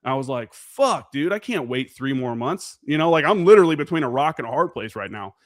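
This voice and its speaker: A man's voice: mid-range voice, animated, fast talker, no echo, clean studio sound. A man in his forties, a veteran guest on a podcast, telling stories in a casual, profane way and acting out the remembered dialogue. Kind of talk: casual storytelling interview.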